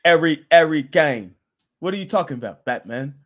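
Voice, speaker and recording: A man's voice: on the high side, animated, moderate pace, pitched above the performer's own voice. A man putting on a mock English accent to play an older, stern English butler. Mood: mock-solemn. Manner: mock-solemn, exaggerated.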